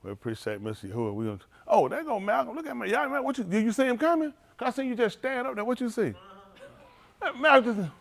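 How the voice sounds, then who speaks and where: Animated teasing preacher with a lilt. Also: male voice, very high voice, fast talker, creaky. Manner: playful teasing, laughing often. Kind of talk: loose joking banter with a congregation. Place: synagogue hall, livestream.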